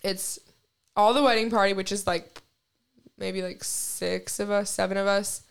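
A woman's voice: medium pitch, fairly even intonation, measured pace, gravelly, clear, resonant tone. A young woman on a podcast telling a long story in casual chat, rambling and profane, with constant "like". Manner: rambling, heavy use of "like", profane. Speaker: podcast co-host.

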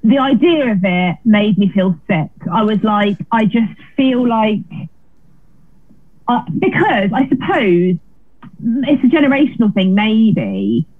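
A British woman comedian is an interview guest on a tinny, phone-like remote line, chatting casually. She speaks slowly in a sing-song, mid-range voice, putting herself down and often restarting her sentences.

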